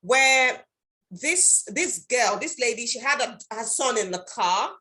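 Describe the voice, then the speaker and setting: A woman's voice: fairly high pitch, expressive, measured pace, sharp tone. A woman hosting a casual chat, retelling a story she saw online. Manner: retells stories, acting out the voices in them. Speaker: host.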